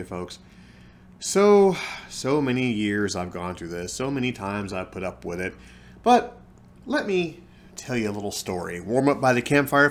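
A man's voice: fairly low pitch, a little hiss or hum. A man hosting his own podcast, telling a personal story in a theatrical, wry way and calling his listeners folks. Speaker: podcast host. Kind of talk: storytelling monologue.

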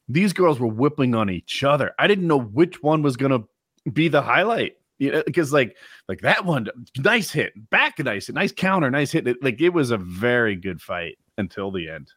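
A man chatting casually, relaxed and amused. His pitch is mid-range but moves a lot. The recording is dry and close. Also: no echo. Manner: laid-back, amused, mocks odd cheers. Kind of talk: casual chat.

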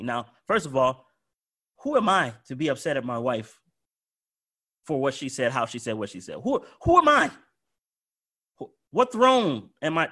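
A man preaching a sermon, repeating phrases emphatically and moving between quiet and loud delivery. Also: fairly high pitch. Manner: emphatic, swings from soft to loud with repetition.

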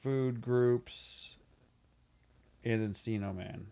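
A man's voice: medium pitch, very slow, gravelly, clear, resonant tone. A man co-hosting a podcast, casually retelling movie scenes. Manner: relaxed storytelling, quotes scenes. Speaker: podcast co-host. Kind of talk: casual movie recap chat.

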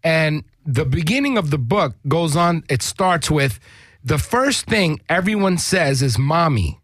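A man's voice: a little high, lively intonation, unhurried, fairly bright tone, dry recording. A man co-hosting a podcast, swearing often and rambling through casual chat with many restarts. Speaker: podcast co-host.

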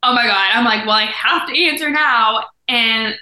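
A woman's voice: a little high, normal speed, bright, forceful tone, reverberant, rough recording. A young woman co-hosting a podcast, chiming in with a story in a casual chat and laughing often. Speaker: podcast co-host.

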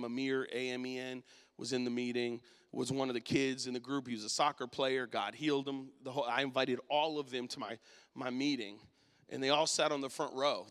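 A man preaching a sermon and telling a personal story, his voice swinging from quiet to loud. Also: medium pitch, in a large hall.

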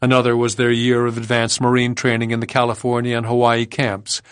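A male audiobook narrator reading in a measured, grave way. His pitch sits in the middle for a man. The sound is close and dry, with no room around it. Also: monotone, clear, resonant tone, dry recording. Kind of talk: scripted narration.

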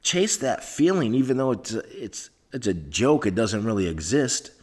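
Rambling sarcastic man, husky voice. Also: mid-range voice, lively intonation, moderate pace, darkish tone. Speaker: podcast host. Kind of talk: rambling solo podcast monologue. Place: soundproofed room at home. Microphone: microphone recorded to laptop.

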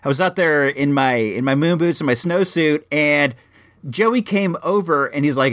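A middle-pitched man in his forties, from Illinois, spins a loose personal story, circling back and restarting phrases. His voice sits close and dry, with no room sound at all. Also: normal speed, no echo. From Illinois, USA. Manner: rambling, frequent restarts, animated. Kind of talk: casual spoken anecdote.

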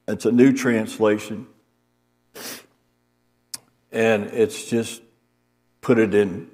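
A man delivers an evening sermon at an unhurried, deliberate pace, reading scripture aloud and talking it over in a plain, homely way. His voice carries a long reverb from a church hall. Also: mid-range voice, darkish tone. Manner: slow, homely preaching with Bible reading. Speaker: preacher.

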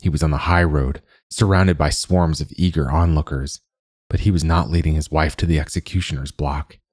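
A man narrates a dark fantasy story at a measured, deliberate pace. His voice is extremely deep. The recording is dry and close, with no room sound. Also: steady tone, breathy edge, dry recording. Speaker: audiobook narrator.

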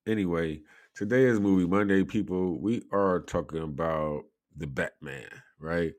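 Low slow-talking rambling male host. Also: a little mellow, no room sound. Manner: rambling, laughs often, many fillers. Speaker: show host. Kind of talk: casual live-show chat.

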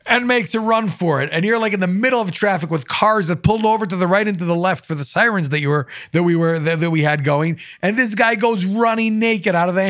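Male paramedic, lively raconteur, voice sits a touch high. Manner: animated storyteller, acts out quotes. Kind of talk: casual anecdote telling.

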